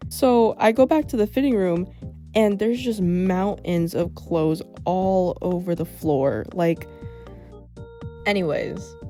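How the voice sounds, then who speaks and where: A woman's voice: fairly low pitch, takes it slowly, warm tone. A young woman narrating a storytime vlog in a wry, sarcastic way. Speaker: vlogger. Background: faint background music.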